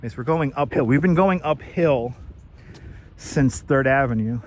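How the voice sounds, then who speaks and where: A man's voice: medium pitch, a little slow, darkish tone, slight background noise. A man hosting a walking tour livestream outdoors in a city cemetery, chatty and greeting viewers by name, a little out of breath from walking uphill. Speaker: livestream host. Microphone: wireless clip-on mic.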